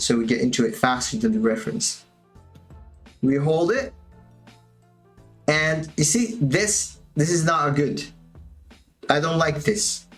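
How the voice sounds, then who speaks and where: A man teaching animation on a livestream, chatting casually and talking to himself as he works. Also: on the high side. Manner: casual, chatty, talks to himself while working. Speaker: animation instructor. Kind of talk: livestream tutorial commentary.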